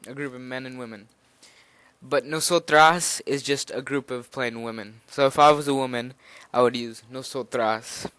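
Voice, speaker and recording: Nervous young man teaching, smooth dry voice. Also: medium pitch, fairly even intonation, moderate pace, a bit bright, no room sound. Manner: nervous, rambling, hesitant with fillers and restarts. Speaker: language teacher. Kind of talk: informal spoken lesson.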